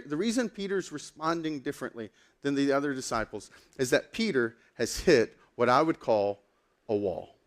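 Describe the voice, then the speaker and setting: Male pastor, casual sermon storyteller with lots of "like"s. Voice sits a bit high. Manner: animated storytelling, casual with many fillers.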